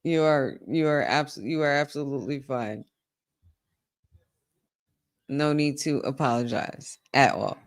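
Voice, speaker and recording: A woman hosting a live watch-along stream, reacting excitedly to the action and talking to her viewers. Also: very deep voice, a little slow, long pauses.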